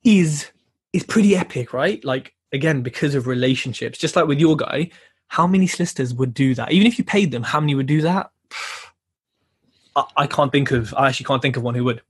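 A man co-hosting a podcast, asking his partner lively questions. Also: mid-range voice, a little fast, husky. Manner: upbeat, prompting questions. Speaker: podcast co-host. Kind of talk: casual podcast chat.

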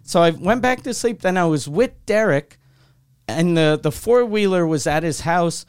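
A man's voice: sits high, expressive, normal speed, darkish tone, clear, resonant tone. A man hosting a podcast, telling a long dream story in casual chat, rambling and swearing freely. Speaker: podcast host.

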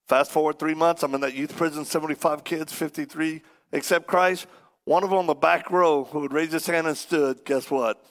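A man with a gravelly, slightly rough voice preaches to a church congregation. He tells a story with humor and animation, acting out each person in it. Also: medium pitch. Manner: animated, acts out the people in his stories. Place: church service before a congregation.

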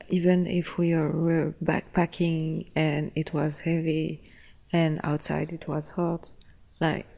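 A young woman hosting a podcast, casually recounting a trip in a relaxed, chatty way, often laughing between phrases. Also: sits low, takes it slowly, vocal fry. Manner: loose, simple phrasing with frequent "like" and "yeah". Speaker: podcast host. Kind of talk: casual travel storytelling.

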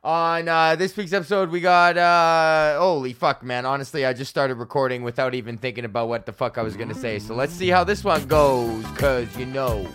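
A man hosting his own podcast alone, ranting in a profane, excitable way, jumping between loud outbursts and low mutters. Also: fairly quick, hardly any pauses, smooth, soft background music. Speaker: podcast host. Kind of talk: solo comedic rant.

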